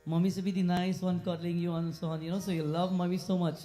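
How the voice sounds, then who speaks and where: High-voiced Trinidadian pundit preaching. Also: male voice, level tone, fast, warm tone, faint music behind. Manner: preaching in short repeated phrases, acting out quoted voices. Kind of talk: sermon storytelling. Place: temple.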